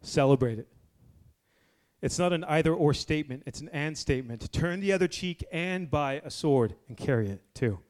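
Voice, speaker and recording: A man in his forties preaching a blunt, fiery sermon to a men's group indoors, moving between low, quiet stretches and loud exhortation. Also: animated, moderate pace. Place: indoor room with a gathered group.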